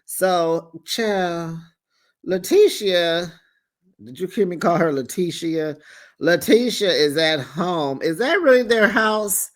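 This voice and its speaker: A man's voice: on the high side, lively intonation, slow pace, fairly bright tone. Sassy man recapping reality TV. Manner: sassy, talks straight to viewers with "child", "honey", "bruh"; laughs often while telling the story. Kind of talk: casual gossipy recap commentary.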